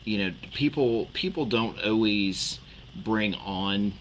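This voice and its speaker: A male co-host and chaplain talking in a relaxed, thoughtful way, hedging with fillers. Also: lowish voice, takes it slowly, slight background noise, low-quality recording. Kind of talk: casual podcast conversation.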